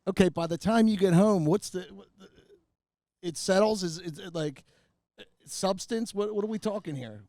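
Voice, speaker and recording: A man's voice: high voice, moderate pace, mellow, no room sound. A man co-hosting a podcast who keeps cutting in with eager follow-up questions. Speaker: podcast co-host. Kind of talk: casual podcast chat.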